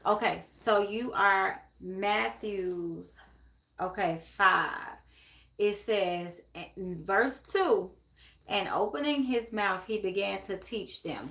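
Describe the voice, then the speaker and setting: A woman's voice: medium pitch, animated, slow pace, vocal fry, a bit bright. A woman from Memphis hosts a live-stream spiritual reading, reading scripture and viewer comments aloud and repeating words for emphasis. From Memphis, USA.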